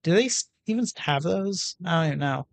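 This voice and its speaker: A woman's voice: on the low side, expressive, brisk, gravelly, dry recording. A woman streamer giving casual, playful and self-mocking gameplay commentary.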